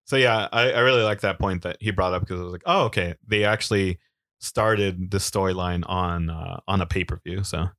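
Male podcast co-host, low and dry, rambling and easygoing. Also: steady tone, fairly bright tone, no room sound. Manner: easygoing, rambling with fillers, quick laughs. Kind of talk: casual chat and wrestling recap.

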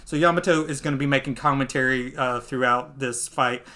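A man hosting a podcast, recapping a comic in casual chat. He talks in a loose, chatty way, laughs easily and jumps into squeaky voices when he acts out scenes. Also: fairly quick. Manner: animated, jumps into high squeaky voices when acting out lines. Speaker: podcast host.

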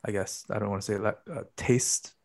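Gravelly-voiced man stumbling through opinions. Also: fairly low pitch, steady tone, a little mellow. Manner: halting, many restarts and fillers. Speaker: podcast co-host. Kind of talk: casual film review chat.

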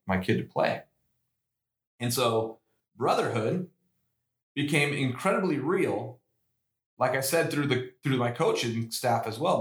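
A middle-aged man who hosts a podcast and coaches youth football, telling his own story in an earnest, emotional way, with many restarts and rising bursts of emphasis. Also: mid-range voice. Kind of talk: personal storytelling monologue. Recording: echoey room.

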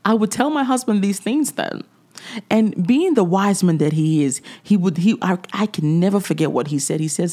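A middle-aged woman hosts a faith-based podcast in a lowish, mellow voice, speaking fairly quickly. Her manner is direct and preachy, broken up by chuckling asides.

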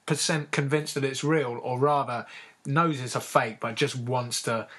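A man, co-hosting a casual chat, animated, laughing often and swearing. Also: mid-range voice, unhurried, slightly rough. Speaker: podcast co-host.

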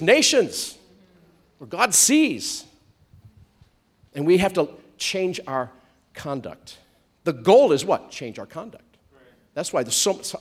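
This high-pitched man with a breathy edge preaches to his congregation with plenty of energy, moving from loud, funny outbursts to quiet, hushed stories.

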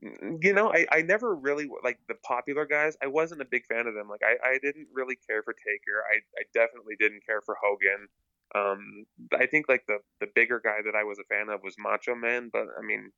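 Podcast guest: low, gravelly man, hesitant casual talk, bright edge, dull lo-fi sound. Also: steady tone, a little fast, no echo. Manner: hesitant, repeats words, many fillers. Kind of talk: casual chat.

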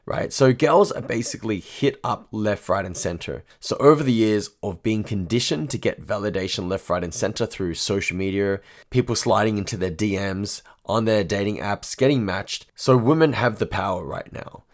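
A man's voice: lowish voice, moderate pace, few pauses. A young man, a dating coach, talking bluntly and profanely to his audience, often tagging lines with "right?". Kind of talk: monologue to camera.

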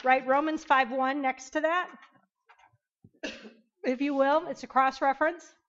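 A woman teaching an interactive Bible lesson, emphatic and animated, questioning her class. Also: high voice, a little slow, dull audio.

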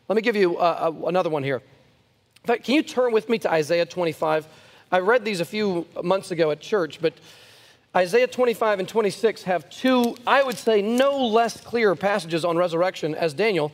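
High-voiced male preacher in a reverberant hall. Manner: conversational, animated, slows to stress scripture, frequent restarts. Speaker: pastor. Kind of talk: sermon-style Bible teaching. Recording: long reverb in a large room.

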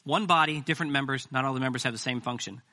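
A man's voice: mid-range voice, very fast, pushed and bright. A man preaching a sermon as pastor, talking conversationally with self-deprecating jokes.

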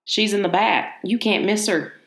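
A woman's voice: medium pitch, moderate pace, reverberant, pitched above the performer's own voice, lightly acted. A woman reading as a sly, taunting old spider breeder. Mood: mocking. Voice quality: taunting, mocking drawl.

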